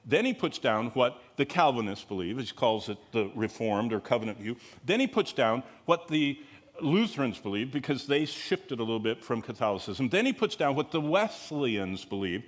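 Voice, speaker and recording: A man teaching the Bible to a live group in a conversational lecture, digressing often, asking the audience rhetorical questions and pushing key words higher for emphasis. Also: big pitch swings, normal speed.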